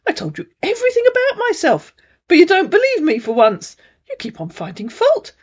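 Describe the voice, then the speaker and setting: A woman's voice: very high voice, wildly swooping pitch, fairly quick, a little mellow, dull audio, pitched above the performer's own voice, exaggerated voice. A woman voicing an aggrieved male online scammer posing as a surgeon, protesting in a plaintive, self-righteous way. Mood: tearful.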